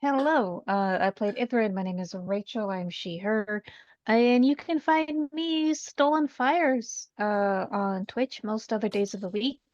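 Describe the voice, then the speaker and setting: A woman player in a tabletop game, speaking in an unhurried, measured way. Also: mid-range voice, darkish tone, no room sound. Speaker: player and streamer. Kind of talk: casual tabletop play. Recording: dull lo-fi mic.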